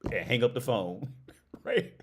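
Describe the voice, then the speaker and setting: A young man hosting a casual livestream, swearing freely and breaking into loud laughs. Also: mid-range voice, very animated, takes it slowly, husky. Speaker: livestream host.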